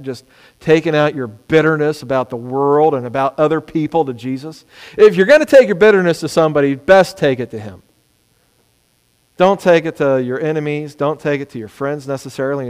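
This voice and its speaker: A man preaching a sermon, animated, sometimes acting out the words of people he quotes. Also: medium pitch, clear, resonant tone. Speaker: pastor. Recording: long hall reverb.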